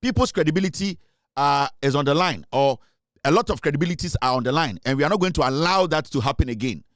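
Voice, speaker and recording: A man's voice: fairly high pitch, animated, quick pace, no room sound. Emphatic Ghanaian man, dry studio sound. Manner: emphatic, lecturing. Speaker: political talk show host. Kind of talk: political commentary mixing English and Twi.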